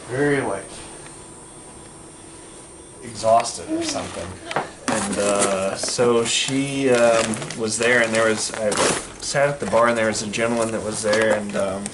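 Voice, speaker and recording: A young man casually telling a long story, full of fillers and acted-out quotes. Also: fairly low pitch. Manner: rambling, full of fillers, acts out quoted voices. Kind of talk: casual anecdote. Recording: echoey room with loud background noise.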